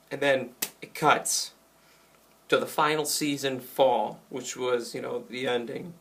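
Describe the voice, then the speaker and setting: A young man casually reviewing a video game, retelling scenes in an excited, rambling way with lots of likes and ums. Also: medium pitch, unhurried.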